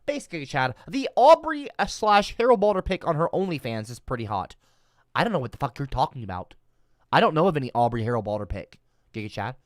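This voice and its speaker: A man's voice: on the high side, animated, brisk, no echo, studio quality. A man live streaming, reading and answering his chat in a rambling, profane, exasperated rant.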